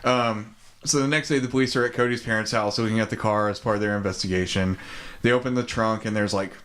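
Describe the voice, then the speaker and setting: Retelling a film plot in casual podcast chat, a male co-host talks fast with a fairly low, slightly bright voice and fairly even intonation. His manner is laid-back and profane, heavy on ums, likes and swearing.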